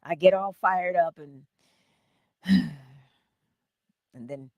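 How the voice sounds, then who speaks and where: Woman hosting a livestream, low-ish voice, lots of laughing, calls everyone honey, dry close sound. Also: extremely slow, no echo, highs cut off. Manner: animated, laughing often, calling viewers honey. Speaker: livestream host. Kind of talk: casual livestream chat greeting viewers.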